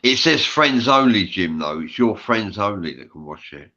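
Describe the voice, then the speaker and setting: A man's voice: fairly low pitch, expressive, moderate pace, pushed and bright. A man with an English accent co-hosting a casual chat, sounding flustered and apologetic. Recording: dull lo-fi audio.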